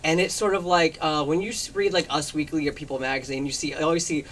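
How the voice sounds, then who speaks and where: A man's voice: fairly high pitch, fairly even intonation, fast, a bit bright, far from the mic, a little hiss or hum. A man as a talk show guest, telling gossipy stories in a chatty way, laughing often and acting out the quotes. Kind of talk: gossipy storytelling in conversation. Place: public access TV studio.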